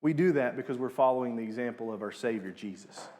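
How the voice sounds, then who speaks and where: A young man preaching a sermon in an earnest manner, rising to emphatic peaks and dropping low on key words. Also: fast, a little mellow.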